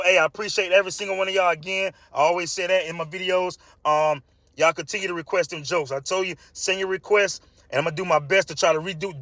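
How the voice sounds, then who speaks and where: A man's voice: a little high, fairly bright tone, no room sound. A man casually telling a pack of jokes, hyped and chatty, laughing at his own punchlines.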